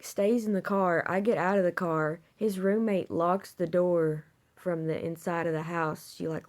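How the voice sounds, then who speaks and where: A woman's voice: on the low side, dark tone. A young woman telling a long personal story to her phone camera, rambling with lots of fillers and "I'm like.". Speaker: vlogger. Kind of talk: casual storytime vlog.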